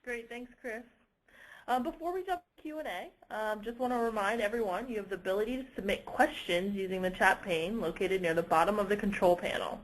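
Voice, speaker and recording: A woman's voice: on the high side, rough recording. Woman moderating a webinar Q&A. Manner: brisk, scripted reminders with "um" fillers.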